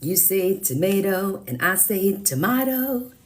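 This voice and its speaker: A woman's voice: medium pitch, sing-song, a little slow. A woman hosting a live watercolor stream, chatting casually and teasing herself as she thinks aloud while painting. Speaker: live-stream craft host.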